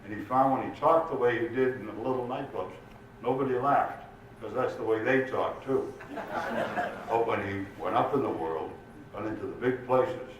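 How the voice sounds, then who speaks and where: An older man telling jokes in an unhurried, lively way to a live audience in a community room at a retirement village, recorded in an echoey room from far off. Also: fairly low pitch, lo-fi sound, slight background noise. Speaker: amateur comedian. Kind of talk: stand-up joke telling. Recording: echoey room, mic far off, faint ambience.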